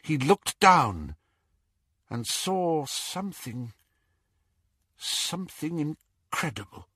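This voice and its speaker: A man narrating an audiobook with slow, dramatic delivery. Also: on the high side, sing-song, pushed and bright, slightly rough, no room sound, clean studio sound.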